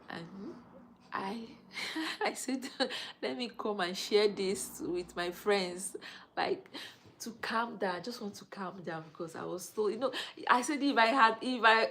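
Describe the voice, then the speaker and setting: A woman's voice: mid-range voice, a bit bright, a little hiss or hum, rough recording. A Nigerian woman, a mother in her thirties, chatting casually on a live stream, greeting viewers and laughing often.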